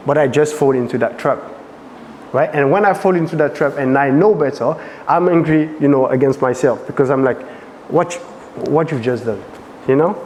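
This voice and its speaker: French-accented male dance coach, lively workshop teaching, reverberant room. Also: a little high, brisk, a little hiss or hum. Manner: animated, asks frequent check questions.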